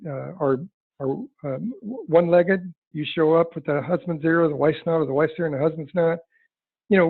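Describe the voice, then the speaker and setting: The speaker is a man with a gravelly, somewhat high voice and a breathy edge, hosting a sales training webinar. He is folksy and emphatic and plays out exchanges with clients. It sounds like a dry, tinny phone connection.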